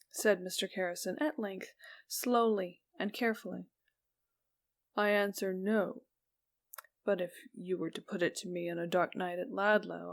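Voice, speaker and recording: Reading a Victorian ghost story aloud, the female narrator keeps a slow, even delivery in her mid-range voice. Speech tags get a gentle downward drop.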